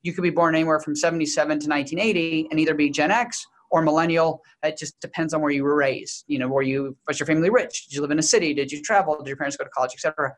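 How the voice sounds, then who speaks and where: A young adult man from Texas, speaking as a guest in an interview. He talks quickly, with a voice pitched a little on the high side. He lays out research and personal stories in a brisk, lecturing way. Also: fairly even intonation. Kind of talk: interview answer.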